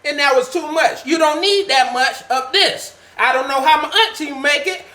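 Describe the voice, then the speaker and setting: A man with a high-pitched, bright voice talks through a kitchen how-to in a playful, laid-back way. The home kitchen sounds echoey, with a faint hiss behind him. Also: moderate pace. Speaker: vlogger. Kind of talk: casual kitchen how-to vlog. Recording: echoey room with faint background noise.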